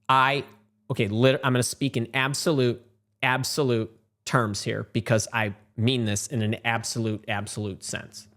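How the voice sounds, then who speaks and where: A man talking straight to his viewers as a career coach, his voice at a middle pitch. He is animated and insistent, hammering points home by repeating words. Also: normal speed. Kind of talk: emphatic advice talk to camera.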